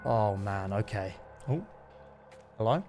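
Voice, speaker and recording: Young man with a lively, swinging pitch, nervy and excitable, chatting through a game over faint music. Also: slow pace. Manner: jumpy, excitable, talks to his horse, sudden yelps of fright. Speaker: gaming YouTuber. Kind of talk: live gameplay commentary.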